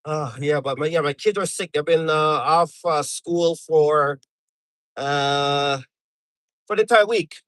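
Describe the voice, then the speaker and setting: Casual male live streamer, middle-aged, from Canada, slightly high voice, rambling, lots of fillers, dry sound. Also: slow, fairly bright tone, no echo, poor audio. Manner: rambling, chatty, many fillers and restarts.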